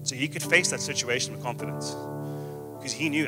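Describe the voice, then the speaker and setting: A man preaching a sermon to a live church audience, emphatic and energetic, easing into soft drawn-out phrases. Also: mid-range voice. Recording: reverberant hall with soft guitar behind.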